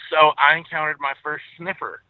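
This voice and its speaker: A man's voice: on the high side, no echo. A man from Texas with a Southern accent, a musician guest telling stories in an easygoing way with many filler uhs. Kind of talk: casual interview over the phone. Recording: tinny phone line.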